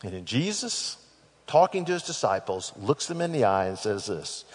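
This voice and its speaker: A man preaching a sermon, dramatically acting out scripture dialogue with big swings in loudness. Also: fairly low pitch, sing-song, moderate pace, slightly rough. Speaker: pastor. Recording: echoey hall.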